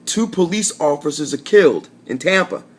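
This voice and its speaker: A man's voice: a little high, lively intonation, normal speed. A man telling a rambling, profane story straight to camera in a casual vlog, often correcting himself as he goes. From Florida. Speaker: vlogger.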